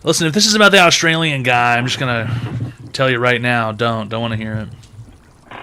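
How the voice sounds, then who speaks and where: Uomo dalla voce chiara, brusco e beffardo. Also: male voice, mid-range voice, normal speed, sharp tone, smooth. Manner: blunt, mocking, profane. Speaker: advice show host. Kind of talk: crude comedic call-in banter.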